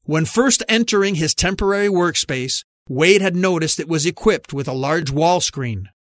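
Male audiobook narrator: measured scripted read, slightly high voice, dead-dry close mic. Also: lively intonation, dry recording.

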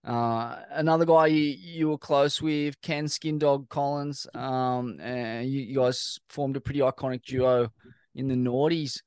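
A relaxed man hosts a laid-back interview, his voice smooth and clean. He sounds close and dry, chatting like a mate and dropping the odd swear word. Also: medium pitch, a little slow, dry recording. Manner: relaxed, blokey, swears casually. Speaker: podcast host. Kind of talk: casual interview.

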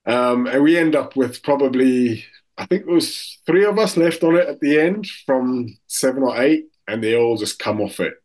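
A man's voice: medium pitch, lively intonation, normal speed. A man from South Africa, a former paratrooper, chatting as an interview guest and telling army anecdotes. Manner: anecdotal, acts out shouting corporals. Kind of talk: casual interview chat.

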